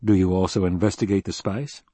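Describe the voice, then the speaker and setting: A grim, commanding duke, as a male audiobook reader puts him on, measured and pressing in a low, husky voice. The sound is dry and close. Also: steady tone, dark tone, no echo. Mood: firm, probing. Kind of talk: audiobook character reading.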